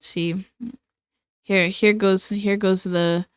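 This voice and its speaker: A woman's voice: mid-range voice, level tone, slow, clean tone, dry recording, clean studio sound. A young American woman chatting casually with her stream while drawing, rambling and repeating herself with self-mocking asides. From United States.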